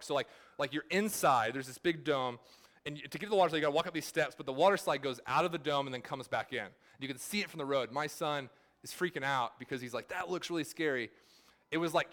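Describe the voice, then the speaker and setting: A man in his thirties preaching a sermon, telling a family story in a relaxed, conversational way with many filler words. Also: a little high. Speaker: pastor.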